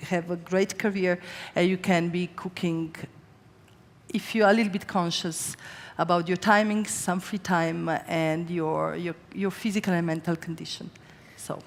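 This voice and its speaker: Chatty chef woman in a reverberant hall. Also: medium pitch. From Slovenia. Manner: chatty, fast storytelling with lively quoted voices. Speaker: chef giving a stage cooking demonstration. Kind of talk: live cooking demonstration and talk. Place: large event stage with audience. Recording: long hall reverb on stage.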